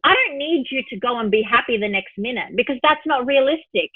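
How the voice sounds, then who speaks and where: A woman spiritual teacher, a podcast guest, telling an example story in a lively way and voicing her own thoughts. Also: on the high side, fairly quick, breathy edge, no room sound. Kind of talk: podcast interview. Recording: tinny phone-line sound, dry.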